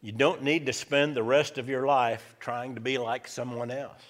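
A man's voice: mid-range voice, fairly even intonation, moderate pace. A male pastor preaching a sermon, emphatic and repeating his key lines for effect. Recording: reverberant church hall.

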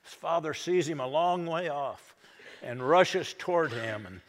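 A man's voice: fairly high pitch, expressive, a little slow, big-room sound. A middle-aged man preaching a sermon as a pastor, in a folksy storytelling manner that acts out the characters. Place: church.

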